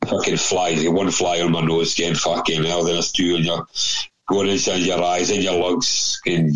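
A man's voice: low-pitched, level tone, normal speed, fairly bright tone, poor audio. A man telling a rambling anecdote over casual chat, swearing constantly. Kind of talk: casual storytelling.

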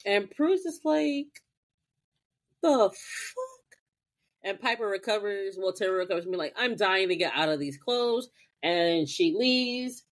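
A woman's voice: medium pitch, moderate pace. A woman co-hosting a casual podcast, recapping a TV episode and acting out the characters' lines in a heightened voice. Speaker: podcast co-host.

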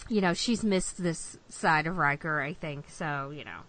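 A woman's voice: low voice, unhurried, fairly bright tone. A woman co-hosting a casual podcast on a remote call, giggling often and acting out lines from the show. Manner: giggly, acts out quotes. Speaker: podcast co-host. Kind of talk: casual chat. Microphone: remote call mic.

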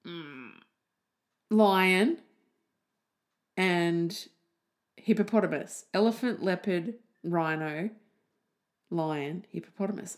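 Giggly, rambling woman host, slow and low. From Australia. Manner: giggly, self-mocking, goes off on tangents. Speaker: podcast host. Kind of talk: rambling casual podcast monologue. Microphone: desk mic, typing heard.

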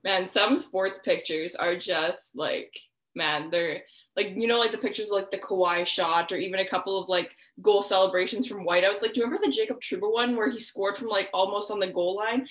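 A young woman hosting a casual sports podcast, bubbly and quick to laugh, saying "like" and "awesome" a lot. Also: medium pitch, a bit bright, echoey room. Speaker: podcast host.

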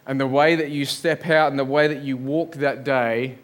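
A man's voice: mid-range voice, fairly even intonation, moderate pace. Earnest man preaching a sermon. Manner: earnest preaching with rhetorical questions and lists. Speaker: pastor. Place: church building.

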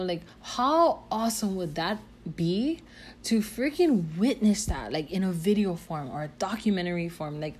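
Candid, foul-mouthed young woman podcaster. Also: lowish voice. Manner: candid, heavy swearing, many fillers and restarts. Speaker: podcast host. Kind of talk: casual personal podcast talk.

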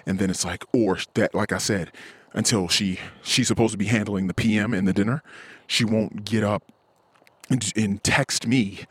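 A man in his thirties hosting a podcast, venting in a frustrated, profane monologue and mimicking others in a high voice. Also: fairly even intonation, normal speed, breathy edge, no room sound. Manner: frustrated, ranting, swears often. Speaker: podcast host.

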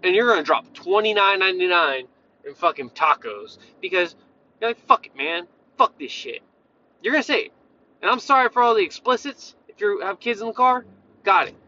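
A man with a high, bright, edgy voice rants as a fitness coach, blunt and swearing freely as he jumps between points. The sound is a little muffled and lo-fi. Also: expressive, fairly quick. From Tennessee, USA. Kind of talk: profane casual rant.

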